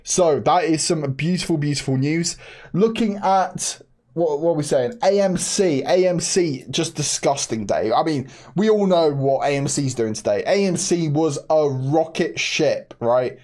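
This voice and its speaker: Young male streamer, slightly high voice, excitable chatty delivery with frequent laughs. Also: measured pace. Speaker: livestream host. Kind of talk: casual livestream chat.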